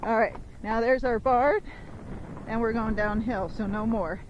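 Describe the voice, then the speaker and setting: A woman horse trainer riding outdoors in the rain, explaining each move in a casual, chatty way and counting the gait beats aloud in a steady rhythm, recorded on a phone mic while she rides. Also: fairly high pitch, measured pace, lo-fi sound, background noise. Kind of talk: instructional commentary while riding.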